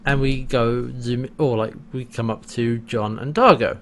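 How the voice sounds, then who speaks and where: This man talks through a TV episode with a friend in loose, rambling chat. His voice sits at an ordinary pitch, and he keeps the retelling lively and animated. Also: measured pace. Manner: rambling, animated retelling with laughs and acted-out quotes. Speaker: podcast co-host recapping an episode. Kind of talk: casual chat.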